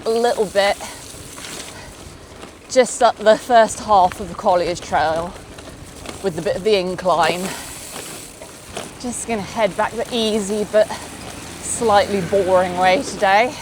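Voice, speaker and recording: A chatty woman talks to camera as she cycles forest trails, cooing at animals along the way. Her voice sits at a middling pitch. It is caught on an action camera outdoors with faint noise behind. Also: takes it slowly, long pauses. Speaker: cycling vlogger. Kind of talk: casual chat while riding.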